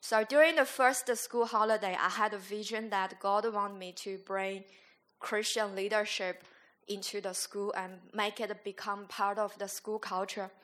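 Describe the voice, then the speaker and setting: A woman school chaplain giving an earnest, halting church testimony, sometimes searching for her words. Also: medium pitch, steady tone, fairly bright tone.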